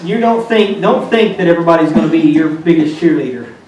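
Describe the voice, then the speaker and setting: A man preaching a sermon as a student pastor, telling the story with lively, playful asides. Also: on the high side, a little fast, slight background noise. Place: church sanctuary. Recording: echoey room from far off.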